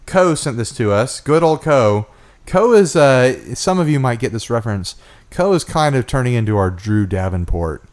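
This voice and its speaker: A man's voice: mid-range voice, expressive, normal speed. A man co-hosting a casual podcast chat, talking loosely with fillers and teasing his co-host. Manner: chatty, teasing, thinks aloud with fillers.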